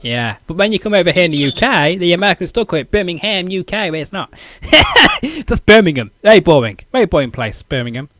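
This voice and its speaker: A British man with a fairly high voice hosts a casual podcast interview over a dry, close recording. He talks haltingly, stumbling over and repeating his words with plenty of fillers. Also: sing-song, sharp tone, no room sound. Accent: British English. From United Kingdom. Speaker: podcast host.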